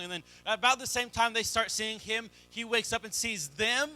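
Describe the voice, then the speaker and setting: Young guy pastor preaching, pretty high voice, super bright sound, tells it like a story. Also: moderate pace, few pauses. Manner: storytelling, acts out quoted voices. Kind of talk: sermon.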